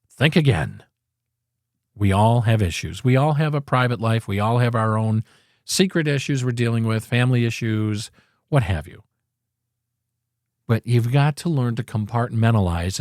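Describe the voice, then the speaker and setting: A man's voice: mid-range voice, no echo, studio quality. A man hosting a casual solo podcast, speaking emphatically and in a preachy way into a podcast microphone. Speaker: podcast host.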